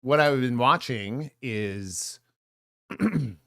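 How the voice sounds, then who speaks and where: A middle-aged man co-hosting a relaxed podcast chat. He jokes, rambles and drops sentences halfway. His voice sits close on a dry studio mic at an everyday pitch. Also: drawn-out words, vocal fry, no room sound. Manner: rambling, jokey, trails off mid-thought. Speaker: podcast co-host. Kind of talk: casual chat.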